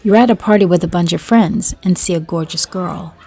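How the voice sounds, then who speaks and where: A woman's voice: on the low side, a little fast, darkish tone, breathy edge. A woman storyteller reading short stories and jokes aloud in a dry, matter-of-fact way.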